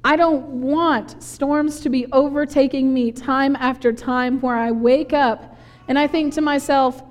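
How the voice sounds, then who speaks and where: A woman preaching a sermon, telling the story in an animated, conversational way. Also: high-pitched, measured pace. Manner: animated storytelling, acting out quoted voices with laughs. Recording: long hall reverb.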